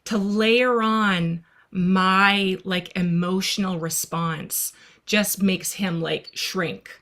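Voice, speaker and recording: Woman, bright tense voice, chatty, storytelling, casual panel talk. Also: mid-range voice, steady tone, extremely slow. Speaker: parent on a discussion panel. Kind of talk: casual discussion.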